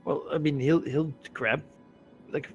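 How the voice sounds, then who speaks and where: A man playing a tabletop game in a relaxed way, often trailing off mid-sentence. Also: fairly high pitch, a little slow, highs cut off, faint music behind. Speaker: player. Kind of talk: casual tabletop play.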